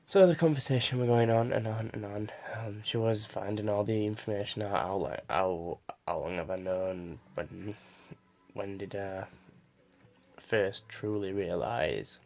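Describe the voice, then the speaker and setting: Gravelly low-voiced young man, halting storyteller. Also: a little mellow, soft background music. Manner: halting, many restarts and fillers. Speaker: vlogger. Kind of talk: personal storytelling to camera.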